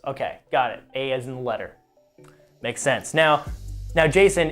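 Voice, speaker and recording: A man's voice: on the high side, expressive, slow pace, pauses often, soft background music. Chatty man hosting a trivia stream. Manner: chatty, self-mocking, fumbles pronunciations. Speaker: trivia game host.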